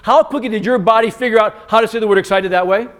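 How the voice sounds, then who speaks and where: A man giving an interactive keynote as a communication coach, energetic and firing quick commands at the audience. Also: high-pitched. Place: conference stage in a large hotel venue.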